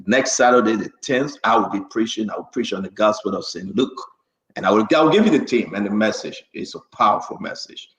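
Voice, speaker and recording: A man's voice: fairly low pitch, lively intonation, a little fast, reverberant, rough recording. A man hosting a live talk show and greeting viewers by name, stumbling over hard names as he reads them out. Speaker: show host and preacher. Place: New Jersey area.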